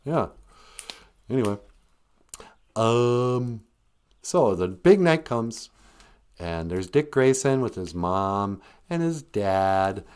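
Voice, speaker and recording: A man's voice: on the low side, sing-song, slow pace, pauses often, darkish tone, clean tone. A man retelling a story in a casual, comic way, rambling with jokey asides and self-corrections. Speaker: host, storyteller.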